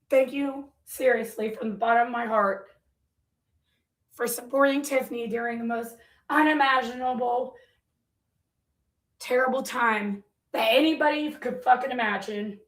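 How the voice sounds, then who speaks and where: A woman's voice: a little high, fairly even intonation, measured pace, pauses often, fairly bright tone. A woman vlogger reading viewer comments aloud and reacting with heated, profane, confrontational ranting.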